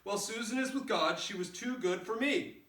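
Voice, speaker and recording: A man voicing a chattering, bawdy old woman nurse in a shrill falsetto, recorded in a roomy space with the mic far off. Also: normal speed, fairly bright tone. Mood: reminiscing.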